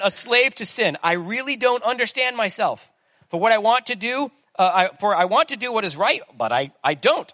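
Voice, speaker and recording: A man's voice: high voice, expressive, brisk, bright, forceful tone, no echo. A man preaching a sermon in a conversational way, asking the listeners questions as he goes. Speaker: pastor.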